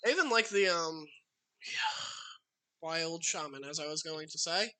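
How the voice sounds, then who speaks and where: Bright-voiced man streaming a card game. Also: fairly high pitch, sing-song, takes it slowly, smooth. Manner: chatty, talks to his opponent while playing. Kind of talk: live card game commentary.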